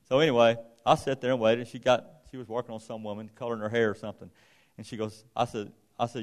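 A man preaches in a plain, folksy way, drifting into a long personal story full of restarts. His voice sits at an ordinary middle pitch for a man. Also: quick pace. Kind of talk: informal sermon with personal story.

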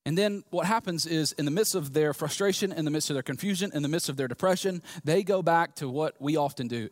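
A man from the US South, preaching a sermon in an emphatic, animated way, often repeating words as he restarts. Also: fairly high pitch, fast, no room sound, clean studio sound. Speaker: pastor.

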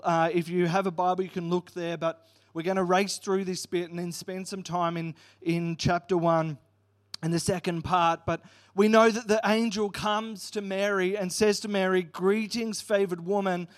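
A man preaching a Christmas sermon, retelling a Bible story in an earnest, storytelling way and reading passages aloud. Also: high voice. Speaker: pastor.

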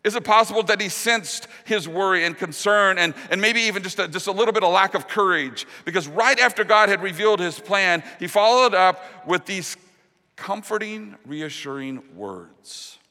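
A man preaching a sermon as pastor, earnest, dropping to a hushed, slow voice on the key promises. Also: sits high. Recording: long reverb of a large hall.

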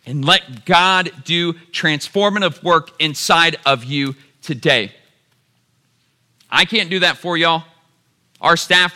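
A man preaches a sermon, calling his listeners "y'all." His voice is high for a man, very bright and forceful, and he builds to emphatic lines, driving points home by repeating short phrases.

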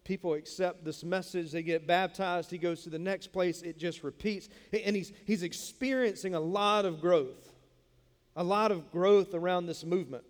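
Delivering a sermon at a moderate pace, a man whose voice sits high talks to the congregation in an easygoing, conversational way. He jokes with them and repeats words often as he works through his points. The recording has long reverb typical of a large hall.

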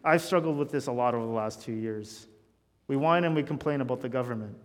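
A man preaching a sermon as pastor, earnest, moving between loud emphasis and hushed intensity. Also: mid-range voice, fast. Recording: long hall reverb.

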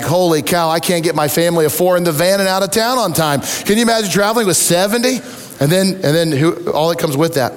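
Preaching a sermon, this middle-aged pastor has a high, bright-pitched voice that echoes with the long reverb of a big hall. His storytelling is animated and full of self-deprecating humor.

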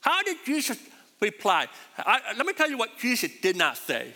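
A man's voice: very high voice, normal speed. A man preaching a sermon as pastor, repeating his points with emphasis in a church hall. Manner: repetitive, emphatic, animated. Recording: reverberant hall.

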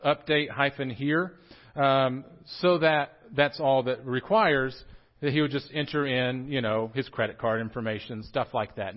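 A man's voice: medium pitch, highs cut off. A young man preaching a casual, joking sermon to his congregation. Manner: joking, animated, talks straight to the congregation. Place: church sanctuary.

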